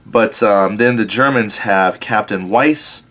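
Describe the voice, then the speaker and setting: Southern US male host, slightly low voice, relaxed and thinking aloud while he plays. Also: slow. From Tennessee. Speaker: board game player and host. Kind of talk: casual tabletop gameplay commentary.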